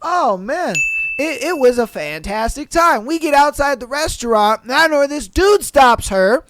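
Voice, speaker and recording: A man hosting a podcast, telling a story in casual slangy talk, animated, laughing and swearing. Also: very high-pitched, measured pace, no room sound, clean studio sound. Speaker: podcast host. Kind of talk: casual storytelling and reading listener posts.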